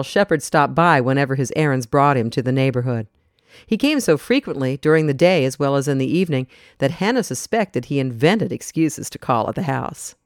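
A reader narrating an audiobook story in an even, measured way. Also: medium pitch, smooth, dry recording, clean studio sound.

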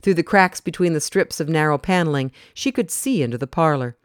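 Smooth, dry audiobook narrator. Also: mid-range voice, expressive, fairly quick, no echo.

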